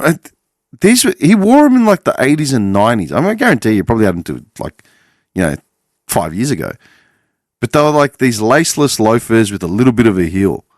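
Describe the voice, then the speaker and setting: A man in his forties rambles through a casual podcast monologue, swearing freely and correcting himself as he goes. His voice sits fairly low. It is recorded close and dry, with little room sound. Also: dry recording. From Australia. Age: 40s. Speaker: podcast host.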